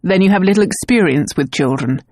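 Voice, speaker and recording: A woman's voice: fairly low pitch, animated, a little fast, darkish tone, no room sound, studio quality. A woman voicing a blunt, guarded aristocratic father who questions curtly. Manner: curt, brusque questioning.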